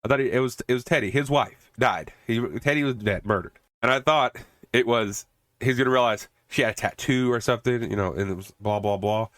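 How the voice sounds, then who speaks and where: A man's voice: medium pitch, brisk, fairly bright tone, no room sound, clean studio sound. A man hosting a podcast, recapping a movie in a rambling, casual way, swearing often and laughing at it. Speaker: podcast host.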